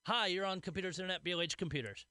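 Bright-voiced upbeat radio host. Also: male voice, high-pitched, smooth, dry recording, studio quality. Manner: upbeat, reads phone number slowly. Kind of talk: radio talk show hosting.

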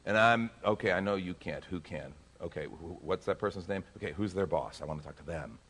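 A man, a pastor, telling a lively personal story during a sermon and acting out the dialogue. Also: sits low, fairly quick, slightly rough. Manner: animated, acts out dialogue in the story. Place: church.

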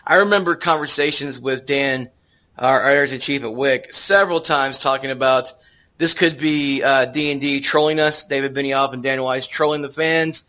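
A man co-hosting a casual fan podcast, excitable and quick to laugh. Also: mid-range voice. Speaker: podcast co-host.

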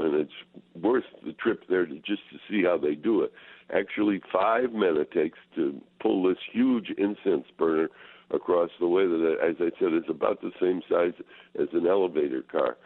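Male radio host, very low voice, easygoing and rambling, phone-like lo-fi sound. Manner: relaxed, rambling with fillers. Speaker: wine talk host. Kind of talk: casual radio talk. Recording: tinny phone-like radio audio.

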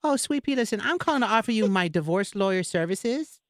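A man's voice: sits high, lively intonation, fairly quick, voice pushed up. A man putting on a smarmy, syrupy divorce lawyer. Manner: syrupy, calls her pet names. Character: smarmy sweet-talking male divorce lawyer. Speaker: prank caller. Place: radio studio. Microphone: studio mic.

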